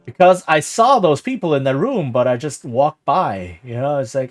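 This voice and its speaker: A man's voice: on the high side, sing-song, moderate pace, hardly any pauses. A man streaming gameplay, chatting casually with incredulous, sarcastic asides.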